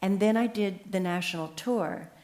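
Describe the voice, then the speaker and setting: A woman in her seventies, a memoir author talking as a guest in a casual onstage conversation, telling lively stories and acting out the voices she quotes. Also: mid-range voice, moderate pace. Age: 70s. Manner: animated storyteller who acts out quoted voices. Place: live talk event on stage.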